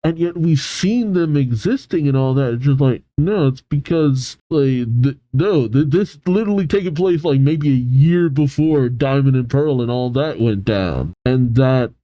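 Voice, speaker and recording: A man's voice: mid-range voice, expressive, unhurried, few pauses, warm tone, no echo, poor audio. A man thinking aloud in casual reaction commentary, musing and restarting often. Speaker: reaction channel host.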